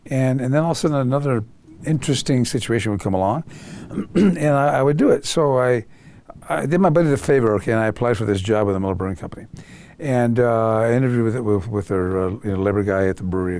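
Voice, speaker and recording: A man's voice: mid-range voice, quick pace, a little hiss or hum. An older man, a guest in an interview, telling stories animatedly and acting out other people's voices. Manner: animated, acts out quoted voices. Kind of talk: storytelling interview.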